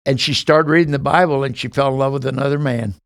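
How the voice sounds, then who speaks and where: A man's voice: medium pitch, fairly even intonation, fast, vocal fry, dry recording, clean studio sound. A man in his sixties, a podcast guest telling his life story earnestly, acting out the dialogue he recounts.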